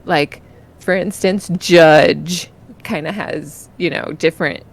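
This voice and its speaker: A woman's voice: low voice, a little slow. A woman from Texas with a Texan accent tinged with British sounds, co-hosting a podcast in a chatty, rambling way and laughing often. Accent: Texan with some British influence. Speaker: podcast co-host. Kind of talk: casual chat.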